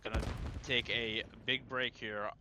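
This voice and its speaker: Color commentator: man, mid-pitched, analytical, loud gunfire from the game in the mix. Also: little pitch movement, a little slow. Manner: analytical, sometimes stumbling over words. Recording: noisy game audio behind.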